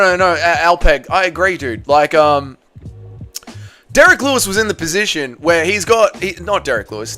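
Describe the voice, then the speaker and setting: A man's voice: on the high side, a bit bright. An Australian man hosting a live stream, reading out viewer comments and answering them with blunt, laddish banter full of slang and swearing. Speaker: MMA live-stream host.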